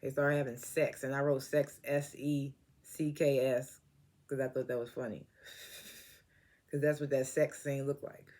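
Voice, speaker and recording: A man's voice: medium pitch, little pitch movement, normal speed, darkish tone. A man casually recapping a TV episode, laughing often and acting out the characters' lines, and he says he is stoned. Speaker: TV episode reviewer.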